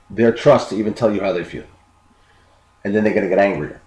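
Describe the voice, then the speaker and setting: In an echoey space with some faint noise, a man delivers an earnest, off-the-cuff self-improvement talk, speaking a little fast in a deep, darkish voice. He repeats words frequently while explaining and performs the dialogue he quotes.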